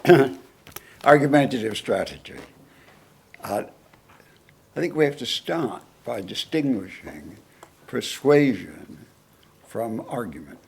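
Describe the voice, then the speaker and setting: A man, a guest lecturer, answering audience questions in a lecture hall in a deliberate, wry manner. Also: mid-range voice, very animated, gravelly, breathy edge.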